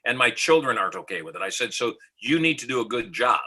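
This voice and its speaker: This middle-aged American motivational speaker talks fast as a podcast guest, confidently storytelling and voicing the dialogue. His mid-range voice is sharp and a bit breathy, with big pitch swings, and the recording is low quality.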